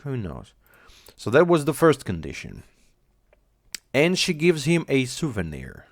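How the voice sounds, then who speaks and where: A man's voice: fairly low pitch, very animated, unhurried, no echo, studio quality. A man giving casual reaction commentary on an anime at home, rambling, swearing and thinking aloud. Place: home, on a squeaky chair.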